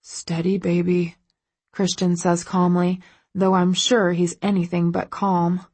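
A woman's voice: fairly low pitch, flat delivery, unhurried, a little mellow, husky, no room sound. A woman narrating a first-person audiobook, a breathless inner monologue with sudden exclamations.

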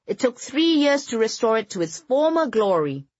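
A woman's voice: mid-range voice, wildly swooping pitch, moderate pace, breathy edge, no room sound, dull audio, pitched above the performer's own voice. A woman voicing a proud, eager society woman who explains the house to guests in an audiobook.

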